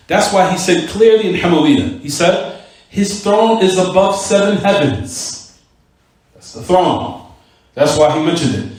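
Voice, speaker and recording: A man teaching a mosque class, who keeps asking his students "what?" and repeats key words for stress. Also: on the high side. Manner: rhetorical questions to students, "what?" prompts. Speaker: religious teacher. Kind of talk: recorded Islamic class lecture. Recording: very echoey room, voice from far off.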